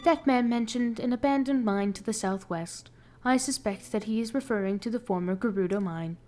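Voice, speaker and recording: A woman reading the lines of a calm, polite robot construct servant in her own plain, even reading voice. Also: a little high, natural voice.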